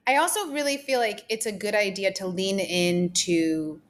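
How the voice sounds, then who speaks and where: A woman's voice: medium pitch, moderate pace, a little hiss or hum. A woman producer as an interview guest, telling stories from film sets in an earnest, chatty way with frequent laughs. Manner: earnest, storytelling, laughs often. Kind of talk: casual interview talk.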